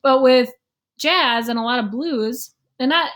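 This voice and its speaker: A young adult woman music teacher gives a casual online lesson on rhythm and scales, now and then humming or counting beats out loud. Her voice is a little high, a bit bright, and a little slow.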